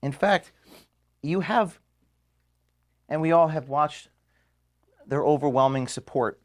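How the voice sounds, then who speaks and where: A man in his thirties giving an emotional farewell speech to his staff in an office, halting and restarting as he speaks. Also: on the high side. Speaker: organization founder addressing staff. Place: office, indoors.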